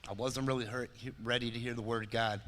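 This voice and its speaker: A man giving his testimony of recovery during a church service, speaking haltingly and with emotion. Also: medium pitch, fairly even intonation, fairly bright tone. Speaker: guest sharing recovery testimony. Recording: reverberant church hall with faint noise.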